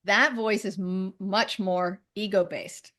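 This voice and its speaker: A woman being interviewed as a spiritual teacher, talking in a chatty, animated way and laughing often. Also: medium pitch, takes it slowly. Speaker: guest, medical intuitive and spiritual teacher. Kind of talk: conversational interview.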